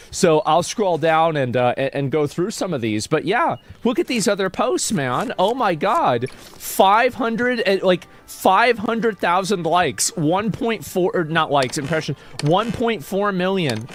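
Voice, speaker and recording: A man's voice: a little high, lively intonation, a little slow. A man casually chatting on a livestream, reading posts aloud and answering chat in a rambling, mocking, profane way. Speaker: streamer.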